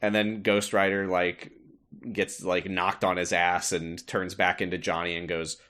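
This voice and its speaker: Low-voiced man with halting, dry asides. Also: flat delivery, fairly bright tone, smooth. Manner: halting, dry jokes, many restarts. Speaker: podcast co-host. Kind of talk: casual movie-review chat.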